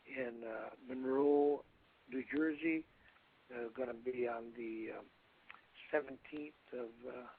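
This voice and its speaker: An older man, a retired wrestler, guesting on a radio interview and talking in a rambling, halting way. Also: mid-range voice, steady tone, gravelly, slight background noise. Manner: rambling, halting, calls hosts "brother". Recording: tinny phone line.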